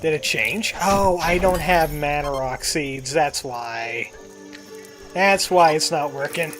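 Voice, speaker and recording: A let's-play gamer gives casual gameplay commentary, chatty, jokey, and self-deprecating, with game music playing underneath. His voice is on the high side and he speaks slowly.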